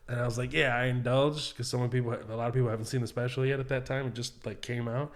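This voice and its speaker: Animated man telling comic stories. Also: medium pitch, fast talker, hardly any pauses. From Kuwait. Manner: animated storyteller who acts out quotes and laughs often. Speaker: comedian guest. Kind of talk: casual podcast chat.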